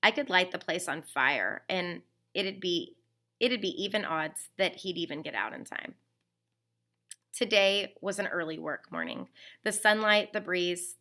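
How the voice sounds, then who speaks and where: Reading a novel written in the first person, a woman speaks in a lowish register. She is expressive and eases her pace at the emotional moments.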